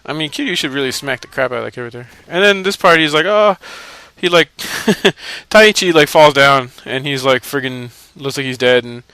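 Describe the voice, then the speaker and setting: Bright-voiced man swearing through game commentary. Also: mid-range voice, moderate pace, smooth, dry recording. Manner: profane, laughing, mocking the characters. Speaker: video game let's-play commentator. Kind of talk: casual gameplay commentary.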